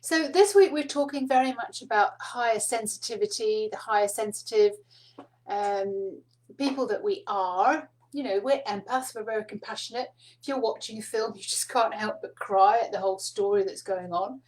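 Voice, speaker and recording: A middle-aged woman hosting a spiritual card reading, speaking softly and meanderingly with fillers and small laughs. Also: medium pitch, normal speed, low-quality recording. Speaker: spiritual card reader and host. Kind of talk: casual spoken teaching to camera.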